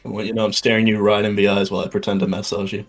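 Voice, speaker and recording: A man's voice: lowish voice, level tone, rapid-fire, loud music behind the voice. A man playing in a casual tabletop game who makes dry jokes. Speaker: player.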